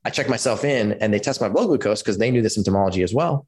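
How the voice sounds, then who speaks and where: A man in his forties from California, telling his personal story as a podcast guest in an animated way, acting out quotes and using lots of fillers. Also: fairly low pitch, fast, husky. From California, USA. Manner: animated storyteller who acts out quotes, many "like" and "you know" fillers.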